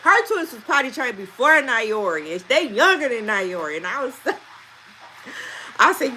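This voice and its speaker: A woman's voice: on the high side, very animated, measured pace, bright, forceful tone, a little hiss or hum. A woman in her thirties, a mother, chatting casually with her viewers, calling them y'all and laughing often. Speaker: vlogger reading viewer comments. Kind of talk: casual live chat with viewers.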